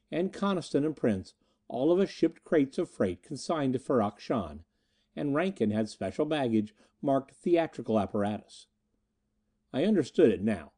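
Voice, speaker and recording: A man's voice: mid-range voice, dark tone. A man reading an adventure novel aloud as a first-person audiobook narrator. He tells the story in an earnest, dramatic way.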